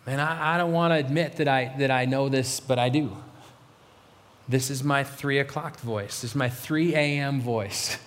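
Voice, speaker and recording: A man's voice: medium pitch, moderate pace, long reverb tail. A middle-aged man, a pastor, preaching an earnest, conversational sermon full of repetition and restarts.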